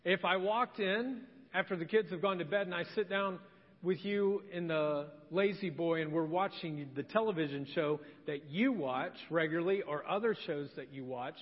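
A middle-aged man preaching a sermon as a pastor, telling stories in an animated, conversational way. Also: high-pitched, normal speed. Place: church sanctuary. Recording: dull sound with long hall reverb.

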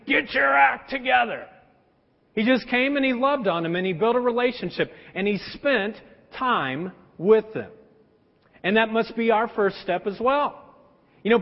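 A pastor preaching a sermon, telling the story in an animated, casual way with everyday slang. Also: male voice, high-pitched. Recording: echoey hall, dull sound.

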